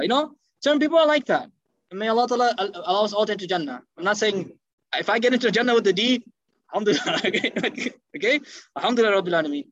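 A man giving an animated sermon, telling stories and acting out the people in them. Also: very high-pitched, quick pace, no room sound, muffled recording. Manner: animated, acts out quotes in dropped voices. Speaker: Islamic lecturer. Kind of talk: lively sermon storytelling.

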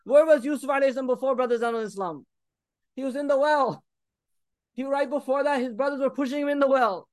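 Young guy preaching a sermon, really high voice, fired up, arabic phrases all through, dry close sound. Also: a little fast, a little mellow, no echo. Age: 30s. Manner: impassioned, mixing in Arabic phrases and urging the listeners.

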